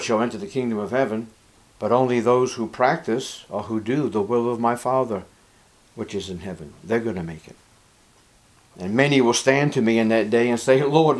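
A man's voice: mid-range voice, a little mellow. Emphatic male preacher, dramatic sermon. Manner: emphatic, drops to a whisper for quoted lines.

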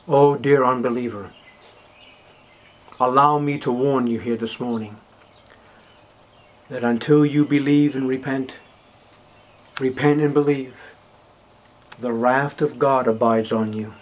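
Man, preacher, sermon, emphatic, loud to hushed, higher voice. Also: unhurried, long pauses.

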